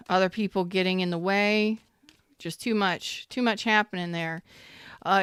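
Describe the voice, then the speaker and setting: A woman's voice: medium pitch, smooth, no echo, studio quality. A woman giving a casual tarot reading, repeating herself emphatically and sometimes swearing. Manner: repetitive and emphatic, swears when worked up. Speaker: tarot reader.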